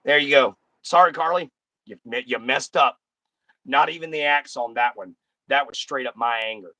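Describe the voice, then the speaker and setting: A man's voice: medium pitch, normal speed, pushed and bright, no echo. A man hosting a casual live stream, talking bluntly and folksily straight to his chat.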